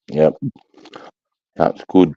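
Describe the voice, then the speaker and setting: A deep, mellow-voiced Australian man in his fifties rambles through blokey stories, swearing at every turn. The sound is dry and a little dull, close with no room around it. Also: dry recording. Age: 50s. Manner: rambling, profane, blokey storytelling. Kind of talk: casual chat.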